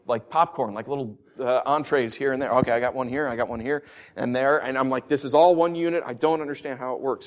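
A man in his thirties preaching a sermon in a conversational way, with self-mocking asides and emphatic rises. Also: on the high side. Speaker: pastor.

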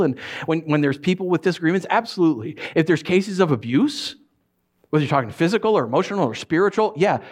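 Male preacher in his thirties, animated storyteller, lively and slightly high voice. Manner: animated storytelling, acts out shouting characters. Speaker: pastor. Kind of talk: sermon.

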